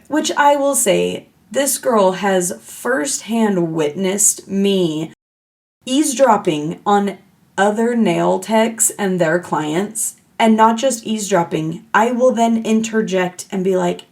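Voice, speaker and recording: A woman hosts her own podcast in a loose, chatty way, happily oversharing and poking fun at herself. Her voice sits at an ordinary pitch with a heavy gravelly fry running through it. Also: slow, a little mellow. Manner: chatty, playful, self-mocking oversharer. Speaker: podcast host. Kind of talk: casual solo podcast chat.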